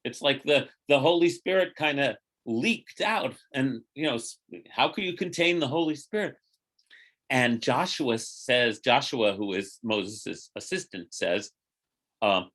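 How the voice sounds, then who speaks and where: A middle-aged rabbi teaching an informal Torah class, telling the story with lively, acted-out quotes. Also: male voice, mid-range voice, a little slow. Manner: animated storyteller, acting out quotes in lively voices.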